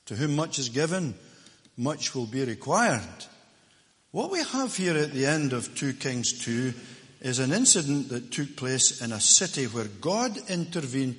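Scottish preacher in a reverberant church. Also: male voice, a little high. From Lanarkshire, Scotland. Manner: emphatic, swinging between loud declarations and hushed asides. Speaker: visiting preacher. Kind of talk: sermon.

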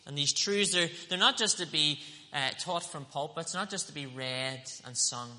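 Male preacher, higher voice, very bright and forceful, earnest, reverberant church hall. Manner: earnest, emphatic, slows down on scripture quotes. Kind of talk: sermon.

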